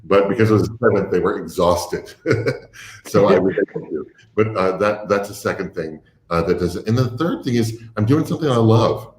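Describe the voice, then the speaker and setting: A man's voice: on the low side, expressive, a little mellow. A man, a ballet company's artistic director, talking reflectively and unhurriedly as a podcast guest. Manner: reflective, unhurried, with fillers and restarts. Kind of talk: casual interview chat. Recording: roomy echo.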